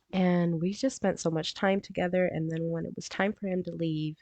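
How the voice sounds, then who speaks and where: Chatty woman with a low dry voice. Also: darkish tone, no echo, highs cut off. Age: adult with a grown son. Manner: chatty, laughs often while telling the story. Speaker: crafting vlogger. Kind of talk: casual storytelling while painting.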